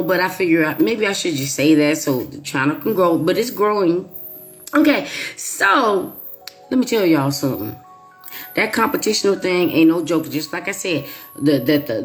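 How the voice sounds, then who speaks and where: A woman hosting her own channel, telling a personal story to viewers in an animated, emphatic way with playful asides. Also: deep voice. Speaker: YouTube channel host. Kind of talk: casual storytelling monologue to viewers.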